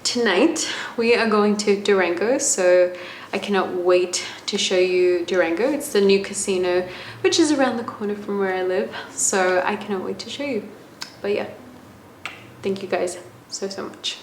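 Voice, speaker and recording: A woman's voice: mid-range voice, normal speed, a little hiss or hum. A woman from Australia in her twenties, talking to camera in a casual vlog, gushing and emotional with many fillers and restarts. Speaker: vlogger. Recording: roomy, faint room ambience.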